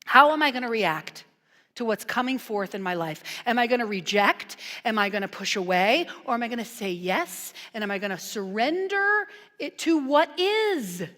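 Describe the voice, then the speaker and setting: Woman minister preaching casually, lively and joking then soft and earnest, big echoey church. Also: fairly high pitch, moderate pace. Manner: animated, playful storytelling with hushed earnest passages. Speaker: guest minister. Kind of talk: conversational sermon. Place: church sanctuary. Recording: long reverb from a church hall.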